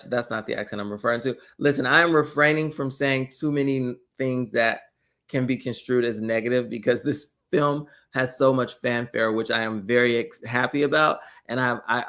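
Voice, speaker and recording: A man co-hosting a podcast in casual chat, giving candid, measured opinions with a chuckle. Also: mid-range voice, a bit bright. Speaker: podcast co-host.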